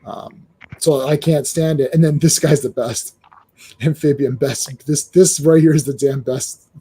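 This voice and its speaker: A man hosting a casual comic book discussion, animated, with stammering restarts and acted-out quotes. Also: fairly high pitch, measured pace, breathy edge. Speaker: comic book show host.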